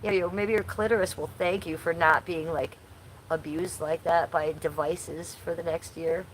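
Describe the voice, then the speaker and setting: A woman in her forties hosts a casual livestream from home, talking bluntly and crudely as she reads the chat aloud. Her fairly low voice keeps a fairly even intonation at normal speed, and the rough recording has slight background noise.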